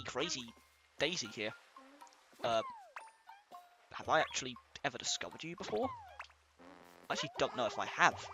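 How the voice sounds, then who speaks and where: A man giving casual let's-play commentary, rambling and thinking aloud with many fillers. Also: mid-range voice. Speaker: let's player.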